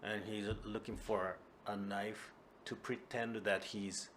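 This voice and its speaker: A man retelling a comic story in a conversational, animated way. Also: on the low side, takes it slowly, a little hiss or hum.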